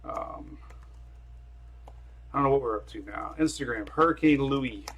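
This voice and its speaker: Man, husky voice, mid pitch, rambling casual live stream chat, phone camera at home. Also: unhurried, fairly bright tone. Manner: rambling and chatty, talks to his dogs and viewers. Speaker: weather forecaster hosting a live stream.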